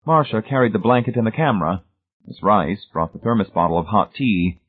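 A man narrating a story aloud in a measured reading. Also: fairly low pitch, animated, breathy edge. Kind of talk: audiobook narration. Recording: tinny phone-like band.

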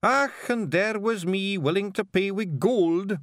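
A man's voice: high-pitched, a bit bright, no room sound, studio quality, voice pushed up. A man doing a ragged scarecrow creature. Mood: wheedling. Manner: slow, drawn-out speech with a rough "ach".

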